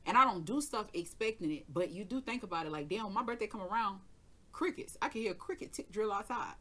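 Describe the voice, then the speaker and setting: A woman's voice: medium pitch, fast, fairly bright tone. A woman tarot reader hosting her own channel, telling a personal story in a casual, emphatic way, swearing freely and acting out her side of an argument.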